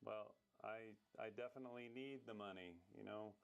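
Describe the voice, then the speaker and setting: A man's voice: lowish voice, moderate pace, vocal fry, clear, resonant tone. A man on a phone call who stammers and hesitates, feigning eager naivety. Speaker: scam baiter on a phone call. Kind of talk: casual phone conversation.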